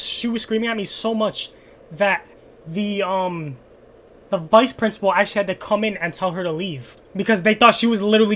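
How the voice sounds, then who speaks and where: A young man casually telling a fan a story from his school days, animated and full of swearing. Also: high-pitched. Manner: animated, profane, dramatic storytelling. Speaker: YouTuber answering fan questions.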